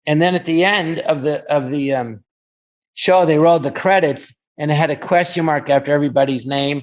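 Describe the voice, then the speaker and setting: Guest comedian, male, raised pitch, rambling anecdotal storyteller. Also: brisk. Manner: anecdotal, acts out quoted voices. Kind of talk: casual storytelling chat.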